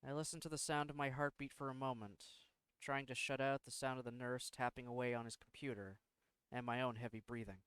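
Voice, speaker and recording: A man reading a visual novel aloud in first person, slow and introspective, now and then tripping over words. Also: medium pitch, steady tone, fairly bright tone, clear, resonant tone, no room sound, clean studio sound. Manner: slow, introspective, sometimes tongue-tied.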